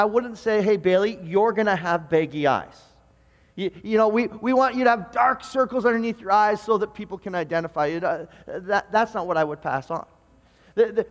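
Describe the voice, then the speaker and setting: A man's voice: high-pitched, long reverb tail. A middle-aged man preaching a sermon as pastor, talking conversationally and often stumbling and restarting his words.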